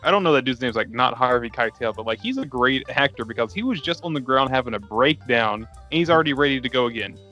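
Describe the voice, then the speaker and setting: A man's voice: medium pitch, expressive, fast talker, hardly any pauses, bright, forceful tone, faint music behind. A man co-hosting a casual beer-and-movie podcast, talking loosely with lots of "like" and frequent laughs. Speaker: podcast co-host. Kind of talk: casual movie chat over beers.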